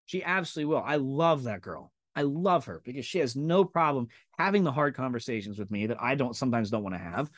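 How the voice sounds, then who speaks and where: A man's voice: mid-range voice, animated, fast talker, few pauses, no room sound, studio quality. A man in his thirties hosting a podcast, giving an intense, profane and emphatic motivational monologue. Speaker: podcast host.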